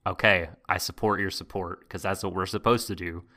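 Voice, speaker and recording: Casting note: bright, expressive man co-hosting a podcast, excitable rants, swears a lot. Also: a little fast. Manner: animated ranting, swearing, voice jumps high when exasperated. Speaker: podcast co-host. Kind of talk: casual anime discussion podcast.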